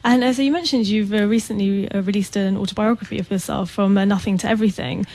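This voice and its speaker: A woman's voice: medium pitch, fairly even intonation, quick pace, darkish tone, no echo. Polite woman hosting a radio show. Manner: polite, encouraging, with hesitant fillers. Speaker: radio host. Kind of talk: radio interview. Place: radio studio.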